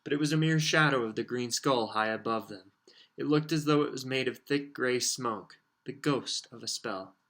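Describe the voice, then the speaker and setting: Guy reading a chapter aloud, steady and expressive, middle pitch. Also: normal speed. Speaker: audiobook reader. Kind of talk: audiobook narration.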